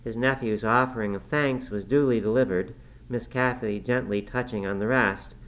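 Man, audiobook narration, steady, measured, mid-pitched voice. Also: poor audio. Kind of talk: scripted narration of a classic novel.

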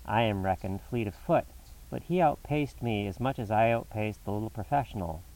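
A man with a low voice narrates a classic story in a measured, dramatic way. He sits a bit back from the microphone, so the sound sounds slightly distant. The delivery is steady and suspenseful. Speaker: audiobook narrator. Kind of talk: scripted narration of a classic novel.

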